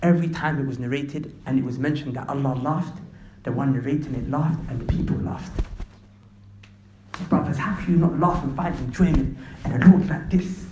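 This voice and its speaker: A man's voice: medium pitch, moderate pace, warm tone, echoey room, slight background noise. A man preaching an impassioned street sermon, talking straight to the young men listening as brothers and slipping into slang. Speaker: Islamic preacher.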